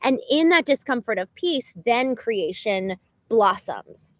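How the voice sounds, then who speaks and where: A woman rambles earnestly through an unscripted livestream monologue, her voice sitting on the higher side. She keeps restarting phrases and leaning on "like" as she works through her thoughts. The sound is dry and close, with no room echo. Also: slow pace. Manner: earnest and animated, with frequent "like" and restarts. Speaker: livestream host.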